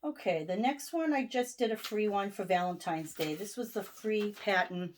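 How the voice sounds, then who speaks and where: A woman's voice: mid-range voice, moderate pace, a little hiss or hum. A woman with a Boston accent chatting casually in her home sewing room, showing her needlework projects with lots of ums and restarts. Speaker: stitching vlogger. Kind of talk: casual show-and-tell chat.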